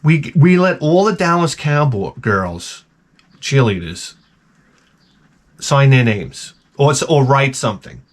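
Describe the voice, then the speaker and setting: A man's voice: mid-range voice, lively intonation, slow. A man hosting his own video channel, delivering a crude, profane, rambling comedic rant to camera. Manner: jokey, exaggerated. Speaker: YouTube host.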